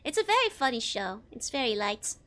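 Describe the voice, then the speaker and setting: A woman streamer talking casually over her gameplay, rambling with many fillers and breaking into giggles. Her voice sits high, with lively pitch. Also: brisk.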